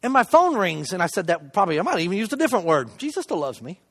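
A middle-aged man giving a sermon testimony from a church stage, conversational and self-deprecating, swinging between loud emphasis and hushed asides. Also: high-pitched, sing-song, rapid-fire. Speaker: lay preacher giving a testimony. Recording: long reverb of a church hall.

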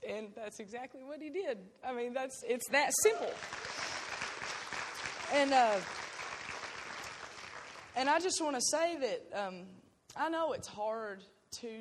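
A woman's voice: medium pitch, unhurried. A young woman giving an earnest, emotional faith testimony. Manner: earnest and emotional, breaks into laughter. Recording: long hall reverb.

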